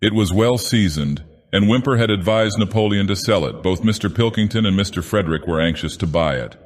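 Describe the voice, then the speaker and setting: A man narrating an audiobook in character as an ancient menacing god-villain, with a grave, deliberate delivery. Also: on the low side, natural voice. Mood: ominous. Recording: long hall reverb.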